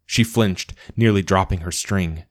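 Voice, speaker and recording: A man narrating a storybook aloud in a measured storytelling manner. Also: sits low, no echo. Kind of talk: scripted narration.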